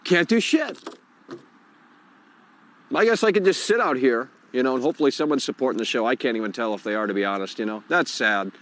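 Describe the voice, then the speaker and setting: A man's voice: mid-range voice, fairly quick, fairly bright tone. A man hosting a live call-in stream outdoors, swearing and muttering in frustration as he fixes his tech. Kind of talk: live-stream rant while fixing tech.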